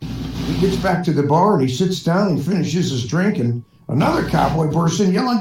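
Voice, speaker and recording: A man's voice: sits high, lively intonation, moderate pace, noisy background. A man telling one bar joke after another as a stand-up comedian, laughing at his own jokes. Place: online voice chat room. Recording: echoey room from far off.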